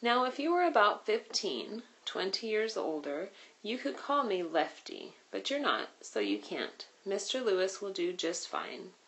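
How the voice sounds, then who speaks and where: A talkative middle-aged man with a teasing, good-humored manner, chatting from behind the wheel, as a woman voices him in a storybook reading. His voice sits at an ordinary middle pitch. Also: big pitch swings, measured pace, a bit bright, low-quality recording.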